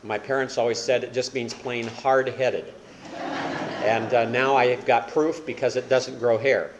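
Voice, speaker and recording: A man's voice: mid-range voice, flat delivery, unhurried, very noisy. An older man preaching a sermon as a pastor, explaining with rhetorical questions and folksy self-deprecating humor.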